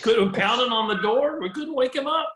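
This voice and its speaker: A man who works as a sports broadcaster, a podcast guest recalling details in a relaxed, matter-of-fact way. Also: very high-pitched, normal speed. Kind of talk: casual interview chat. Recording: roomy echo.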